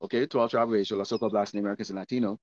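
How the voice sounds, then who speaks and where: A man's voice: lowish voice, steady tone, racing, darkish tone, dry recording. A man preaching a sermon and reading scripture, asking rhetorical questions that he answers himself. He repeats words and keeps checking in with "okay?". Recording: dull lo-fi dry recording.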